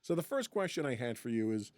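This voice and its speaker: Man, podcast co-host, lively up-and-down pitch, dry close sound, chatty, laughs a lot. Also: fast talker, no echo. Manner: chatty, laughs often, reads from an article. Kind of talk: casual podcast chat.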